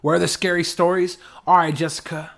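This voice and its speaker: A man streaming who tells a comic story with mock-dramatic, slow deadpan delivery. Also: a little high, vocal fry, no room sound.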